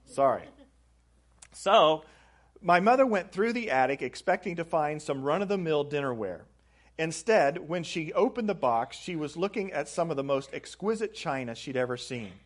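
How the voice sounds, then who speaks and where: Man preaching, fairly high voice. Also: lively intonation, normal speed. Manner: reads aloud from a book, stressing phrases with rising emphasis. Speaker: pastor. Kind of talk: sermon. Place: church sanctuary.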